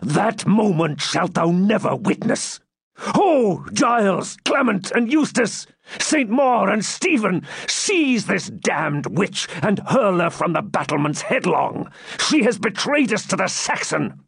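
Brief: furious injured nobleman, male reader, slow and animated, dry close sound. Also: high voice, gravelly, breathy edge, dry recording, full character voice. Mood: raging. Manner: furious, shouting, cursing. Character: wounded, raging knightly baron. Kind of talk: audiobook character reading.

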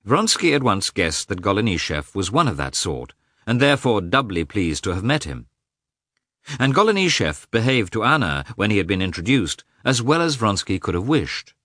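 A man giving an expressive, measured reading of a classic novel as an audiobook narrator. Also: fairly low pitch, no echo, clean studio sound.

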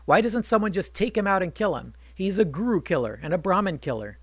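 A man's voice: high-pitched, expressive, fairly quick, no room sound. Guy reading a furious hot-headed warrior, dry close sound. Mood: outraged. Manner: furious, demanding.

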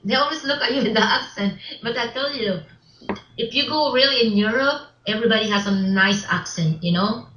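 A woman who is not a native English speaker, talking in a casual interview about her film work in halting English with many restarts, repeated words and frequent laughs. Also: on the high side, bright, forceful tone, echoey room, lo-fi sound, slight background noise. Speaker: actress and filmmaker guest.

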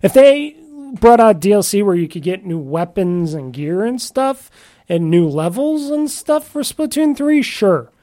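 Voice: medium pitch, very animated, measured pace, dark tone. A podcast host in a casual solo chat about games, rambling and often restarting sentences, with an offhand, mildly grumbling manner.

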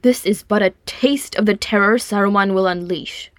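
A woman's voice: medium pitch, dry recording, clean studio sound, natural voice. A woman voicing a grave old wizard. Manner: slow, solemn, weighty.

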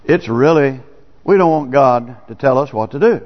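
A man's voice: mid-range voice, lively intonation, moderate pace. A man, a pastor, preaching a sermon in a plain, folksy, conversational way. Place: church sanctuary. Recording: dull lo-fi church recording with long reverb.

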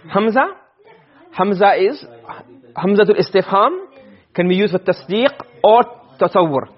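Male grammar teacher, high husky voice, lo-fi room recording, lecturing and quizzing students. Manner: explains step by step, quizzes the class with questions. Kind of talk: classroom lecture.

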